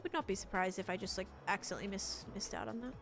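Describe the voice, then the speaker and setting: A woman's voice: mid-range voice, quick pace, gravelly, a bit bright, faint music behind. Chatty Australian woman streaming a game. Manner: chatty, thinking aloud while building and answering chat. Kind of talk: live gameplay stream chat.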